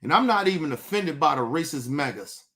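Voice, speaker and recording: A man hosting his own show, delivering an impassioned, profane commentary rant that swings between shouting and low, intense talk. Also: lively intonation, brisk. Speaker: show host.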